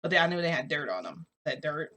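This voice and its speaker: A woman's voice: low-pitched, big pitch swings, fast talker, a bit bright. A woman vlogger casually retelling a story in a rambling way, full of fillers. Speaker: shifting vlogger.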